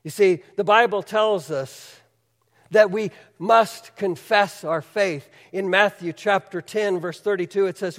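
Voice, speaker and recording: A man's voice: high-pitched, measured pace, in a large hall. A male pastor preaching a sermon in an earnest, conversational, emphatic way.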